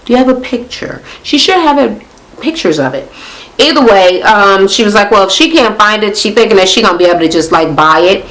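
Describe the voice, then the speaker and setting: A woman's voice: medium pitch, lively intonation, fairly quick, a bit bright, low-quality recording. A woman hosting a casual reality TV recap, talking bluntly and profanely as she retells scenes in quoted voices.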